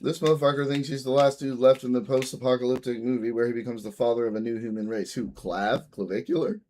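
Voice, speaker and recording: A man's voice: mid-range voice, steady tone, fast, slight background noise. A man streaming live, joking crudely and reacting to clips in casual commentary. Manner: crude, joking, swings loud and soft.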